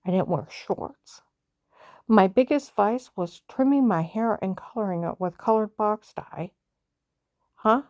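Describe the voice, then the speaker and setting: A woman's voice: mid-range voice, warm tone, dry recording, lo-fi sound. A woman on a personal vlog, ranting in an agitated, emphatic way, repeating herself and rambling from point to point. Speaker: vlogger.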